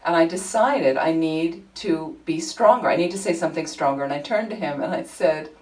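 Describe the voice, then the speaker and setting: A woman leading a Buddhist study group, telling anecdotes in an informal, animated way. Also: sits low, brisk, recorded from a distance, poor audio. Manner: chatty, animated storytelling with frequent laughter. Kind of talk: informal teaching talk with anecdotes. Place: group meeting room.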